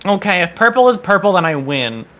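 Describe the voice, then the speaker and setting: A man's voice: high-pitched, sing-song, fairly quick, a bit bright. A man streaming a game and chatting casually, exasperated, swearing often and stumbling over restarts. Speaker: VTuber streamer. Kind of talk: casual gaming stream chat.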